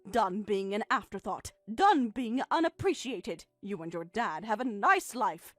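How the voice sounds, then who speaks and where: A woman's voice: mid-range voice, expressive, measured pace, a bit bright, no room sound, studio quality, faint music behind. A synthetic female text-to-speech voice reading a hurt, sarcastic middle-aged mother in a text-message story. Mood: bitter.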